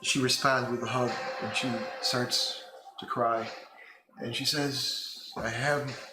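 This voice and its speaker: A man narrating a tabletop game as game master, describing scenes haltingly with frequent restarts. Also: mid-range voice, fairly even intonation. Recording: echoey room with music behind.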